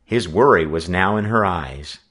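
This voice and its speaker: Audiobook narrator, man, very deep and lively in pitch. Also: unhurried, husky. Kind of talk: scripted narration.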